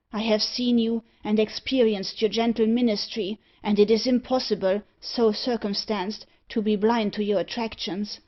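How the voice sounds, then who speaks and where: A woman voicing a haunted young gentleman in a gothic audiobook, speaking gravely and earnestly about a fate he cannot escape. The audio is slightly dull and lo-fi, and the pitch sits in a middle range. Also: lightly acted. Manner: earnest, brooding. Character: young gentleman with a dark secret.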